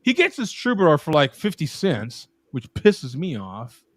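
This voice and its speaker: A man's voice: on the high side, wildly swooping pitch, unhurried, dry recording. A man hosting a casual beer chat, joking and rambling, often laughing. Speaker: podcast host. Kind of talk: casual chat over beers.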